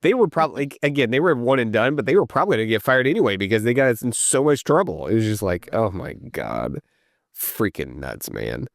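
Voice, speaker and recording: A man's voice: medium pitch, lively intonation, racing, hardly any pauses, no room sound, studio quality. A man co-hosting a podcast in casual chat, rambling along with lots of "like" and restarts. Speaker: podcast co-host.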